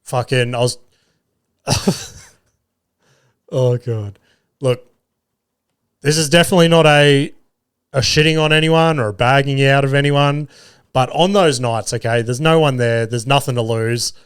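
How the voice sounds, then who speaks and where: Podcast host, young Aussie man, clear mid-pitched voice, loose and profane anecdote-telling. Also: measured pace, pauses often. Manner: swearing, laughing anecdotes. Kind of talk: casual storytelling.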